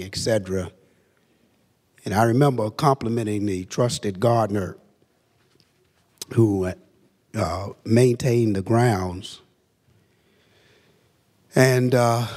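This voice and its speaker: A man preaching a sermon as pastor, telling a story and rising to shouted climaxes. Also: fairly low pitch. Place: large church sanctuary. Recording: long church reverb.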